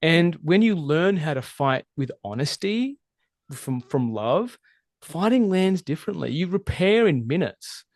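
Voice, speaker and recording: A man with a gravelly, raspy edge and a fairly high pitch for a man talks in a casual podcast interview, sounding like a relationship coach. He is animated and emphatic and swears freely. The recording is close and dry, with no room sound. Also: a little slow, no room sound.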